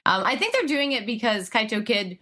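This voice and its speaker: A young woman co-hosting a podcast, chatting casually, excitable and rambling. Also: on the high side, brisk. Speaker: podcast co-host.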